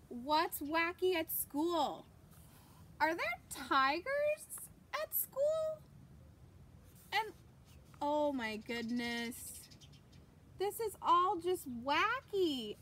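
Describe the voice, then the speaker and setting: A woman reading a picture book aloud to children, animated, gasping and exclaiming, and asking the young listeners questions. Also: extremely high pitch, slow, a little hiss or hum. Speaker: children's story reader.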